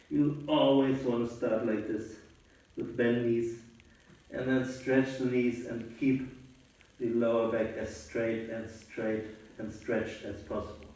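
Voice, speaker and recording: On a sailboat, a man with a medium-pitched voice teaches a yoga class, giving calm, slow guiding instructions. A distant camera mic picks him up, so the audio sounds roomy and far off.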